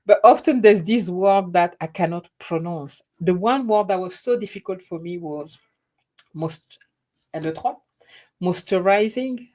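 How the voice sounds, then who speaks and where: Middle-aged woman, slightly low voice, chatty vlogger, laughs at herself. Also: a little slow, warm tone. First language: French. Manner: chatty, laughing, self-deprecating. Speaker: YouTube host. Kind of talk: casual live stream chat.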